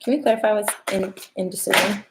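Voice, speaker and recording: A woman's voice: mid-range voice, steady tone, quick pace, creaky, heavy background noise. A young woman doing a casual, playful tarot reading on a livestream, chatting straight to her viewers. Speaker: tarot reader.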